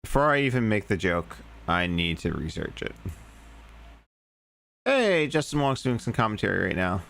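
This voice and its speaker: A man's voice: on the low side, big pitch swings, moderate pace, vocal fry, a bit bright. A man hosting a reaction video, making wry and indignant asides. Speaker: reaction host. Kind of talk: casual reaction commentary.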